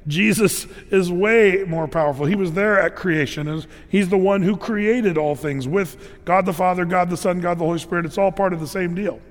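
High-voiced man preaching in a reverberant hall. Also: normal speed, hardly any pauses. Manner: conversational, filler-heavy, animated emphasis. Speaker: pastor. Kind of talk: sermon.

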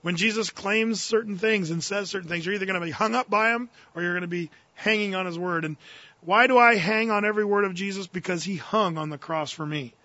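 Male pastor, high and bright voice, folksy and earnest, dry slightly dull recording. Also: brisk, dry recording. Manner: folksy and earnest, with fillers and slang. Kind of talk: verse-by-verse sermon.

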